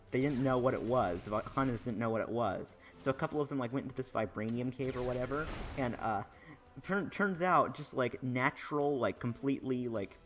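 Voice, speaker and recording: A man's voice: mid-range voice, a bit bright. A young man casually commenting on a video game as he plays, rambling through lore with lots of fillers and restarts. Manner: rambling, filler-heavy storytelling. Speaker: gaming YouTuber. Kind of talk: casual let's play commentary.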